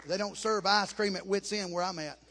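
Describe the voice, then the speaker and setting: A man preaching a Pentecostal camp meeting sermon, rising to chanted shouts and dropping to a hush. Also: fairly even intonation, brisk. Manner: shouting, chanting cadence at its peaks, then dropping low and hushed.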